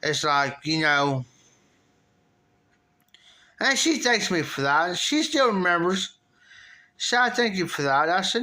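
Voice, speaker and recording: A middle-aged American man chats live with his viewers in a loose, rambling way, looping back on his phrases. His voice sits high for a man and rings bright and forceful. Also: measured pace, long pauses. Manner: rambling, repeats phrases, animated when quoting himself. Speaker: live streamer. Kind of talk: casual storytelling to chat.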